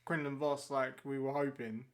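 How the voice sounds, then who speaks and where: A man's voice: mid-range voice, steady tone, normal speed, crowd noise. A man co-hosting a podcast in casual, informal chat with some swearing. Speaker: podcast co-host.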